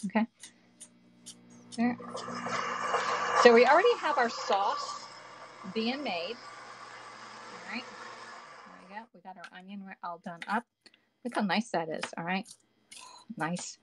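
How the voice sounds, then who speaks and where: A woman's voice: medium pitch, takes it slowly, long pauses, noisy background. A woman, hosting a live cooking stream from her home kitchen, chatting with viewers and reading their comments aloud. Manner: chatty, reads viewer comments aloud, talks to the audience with "y'all" and "okay".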